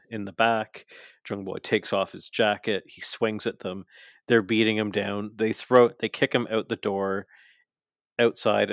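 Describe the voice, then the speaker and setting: A man co-hosting a podcast, casually recapping a wrestling show and mocking the wrestlers' lines in quick asides. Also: on the low side, creaky, no echo. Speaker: podcast co-host.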